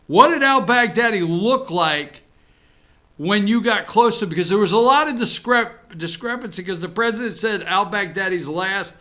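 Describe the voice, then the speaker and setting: A man hosts a casual morning show from an office, joking around and talking with his crew in talk-show style. His voice is high-pitched, animated, moderately paced, and sharp.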